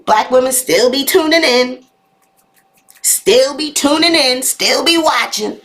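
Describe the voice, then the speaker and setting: Speaking slowly in a voice that sits high and sounds a bit bright, a woman hosts a live gossip commentary show on YouTube. She's sassy, reacting to viewer comments and talking right to her audience with "honey" and "y'all."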